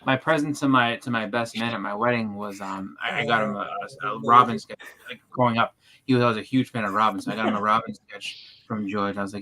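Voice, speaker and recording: Fast-talking rambling man. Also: on the low side, steady tone, bright, forceful tone, low-quality recording. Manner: rambling, many restarts and fillers. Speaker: co-host. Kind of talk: casual chat.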